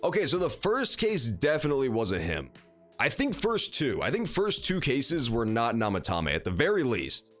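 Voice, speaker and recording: A man's voice: mid-range voice, wildly swooping pitch, normal speed, fairly bright tone, soft background music. A man streaming a game, reacting with blunt, profane commentary. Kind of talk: let's play commentary.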